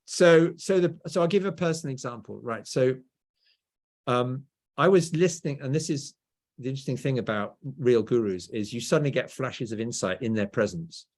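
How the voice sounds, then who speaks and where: A man's voice: medium pitch, normal speed, a little mellow. A middle-aged English man with a standard southern English accent, a guest telling stories in an interview and often tagging his points with "right?". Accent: southern English, BBC-style. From England. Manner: storytelling, often adds "right?". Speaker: guest author. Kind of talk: conversational interview.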